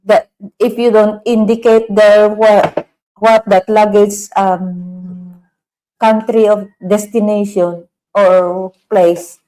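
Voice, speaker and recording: A woman co-hosting a casual livestream who chimes in with slow, hesitant remarks. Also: medium pitch, little pitch movement, dark tone, a little hiss or hum, low-quality recording. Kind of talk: casual chat.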